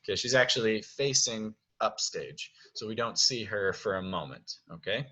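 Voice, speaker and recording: A man's voice: lowish voice, lively intonation, moderate pace, pushed and bright. A man directing a show, explaining stage blocking in a friendly way and thinking aloud. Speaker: theater director.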